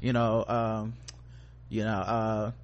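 A man's voice: on the low side, completely flat delivery, slow pace, lo-fi sound. A man casually telling a long workplace anecdote on a talk show, cursing freely and acting out what people said. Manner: loose anecdotal telling, acts out quoted voices, curses freely. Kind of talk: casual storytelling chat.

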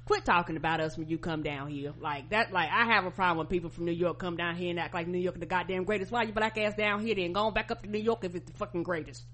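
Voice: mid-range voice, fairly even intonation, quick pace, hardly any pauses, noisy background. A co-host from the American South, talking bluntly and profanely in casual comedic chat. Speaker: podcast co-host.

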